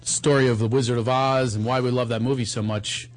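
A man's voice: mid-range voice, steady tone, a little fast. A middle-aged man with a Philadelphia accent hosting a casual talk show, joking his way through ad reads. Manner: playful, joking, self-mocking. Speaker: podcast host.

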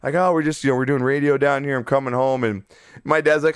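A young man in his twenties hosting a podcast, telling a story in an animated, profane, laughing way. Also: mid-range voice, fast, smooth, no room sound. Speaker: podcast host. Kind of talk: casual storytelling.

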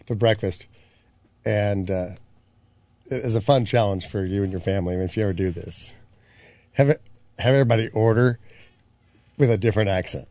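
A man hosting a radio show, bantering and joking in a casual, animated way. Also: fairly low pitch, no echo. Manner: animated, joking, quick to laugh.

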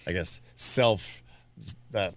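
A man's voice: low voice, very slow, no room sound. A man hosting a radio show, talking in an easygoing way and plugging events. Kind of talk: casual radio talk. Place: radio studio.

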